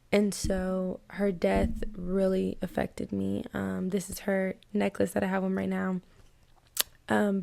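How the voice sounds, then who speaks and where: A young woman tells her own faith story on her podcast, earnest and reflective. Her voice is heavily gravelly with fry and stays fairly level in pitch. The sound is dry and close. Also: a little mellow, no echo. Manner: earnest, reflective, emotional at times. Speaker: podcast host. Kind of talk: personal testimony, casual and heartfelt.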